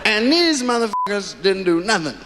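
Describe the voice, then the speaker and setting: A man telling a story in live stand-up, animated and profane, acting out the people in it, on a noisy live recording. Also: sits high, normal speed. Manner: animated, profane, acts out characters. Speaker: stand-up comedian.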